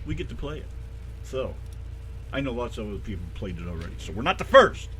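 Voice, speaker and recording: A man's voice: medium pitch, sing-song, fast talker, music in the background. A man co-hosting a casual radio show with his wife, joking around, teasing and breaking into bits of song. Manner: joking, playful, sings bits.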